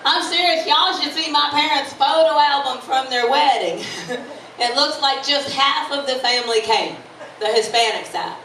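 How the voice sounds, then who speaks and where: This Florida stand-up comic has a high-pitched, bright, forceful voice and keeps a moderate pace as she bubbles along, teasing the audience with questions. Recorded from a distance in an echoey live room at a stage venue, the clip carries audience laughter and room noise.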